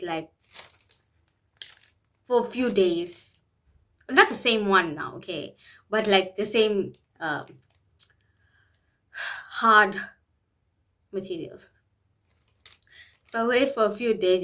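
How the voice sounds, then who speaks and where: A woman's voice: mid-range voice, pushed and bright. A woman vlogging in a candid, rambling way, often repeating herself and speaking openly about private matters. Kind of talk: candid personal vlog talk.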